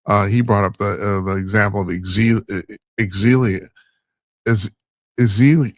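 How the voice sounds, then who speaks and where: A man's voice: on the low side, sing-song, a little slow, long pauses, dry recording. A man hosting a talk show, delivering a rambling, wry monologue and laughing at his own stumbles. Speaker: radio talk show host. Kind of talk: casual monologue commentary.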